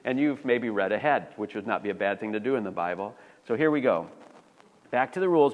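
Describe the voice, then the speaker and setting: A man's voice: on the low side, expressive, brisk. A man preaching a sermon to his congregation in a conversational style, asking his listeners questions as he goes. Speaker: pastor. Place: church sanctuary. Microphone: handheld or stand mic. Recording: long reverb of a church hall.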